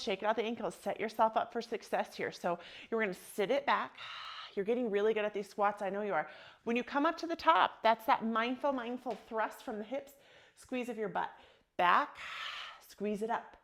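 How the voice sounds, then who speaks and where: Encouraging woman guiding a yoga class. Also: mid-range voice. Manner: soothing, encouraging, calls out breath cues. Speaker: yoga instructor. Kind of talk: guided yoga class cues.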